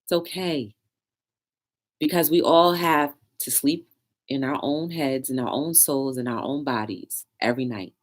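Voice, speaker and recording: Speaking a little slowly in a low voice, a young woman runs a casual live talk show. Her tone is chatty yet preachy, and she answers viewer comments along the way.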